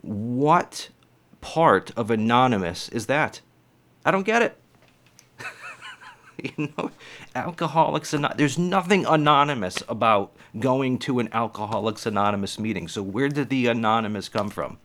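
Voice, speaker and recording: A man's voice: medium pitch, expressive, moderate pace, fairly bright tone. A man who does stand-up comedy, talking casually and rambling to his viewers, with lots of swearing. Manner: rambling, profane, chatty.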